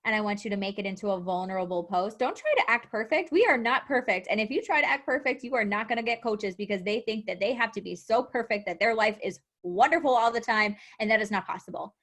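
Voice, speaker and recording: A young adult woman coaching her team in a motivational live talk, animated, acting out quotes and laughing often. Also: mid-range voice, quick pace, few pauses. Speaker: fitness coach.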